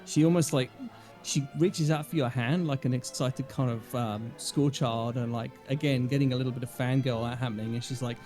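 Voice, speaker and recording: A man playing a tabletop game, describing his character's actions haltingly. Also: mid-range voice, fairly even intonation, darkish tone, soft background music. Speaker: player. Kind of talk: casual role-play narration.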